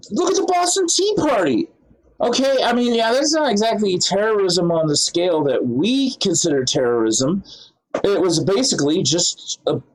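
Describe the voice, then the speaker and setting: A man's voice: on the high side, rough recording. A man talking casually to the camera in a rambling way, with many fillers and restarts. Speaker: vlogger. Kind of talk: casual monologue.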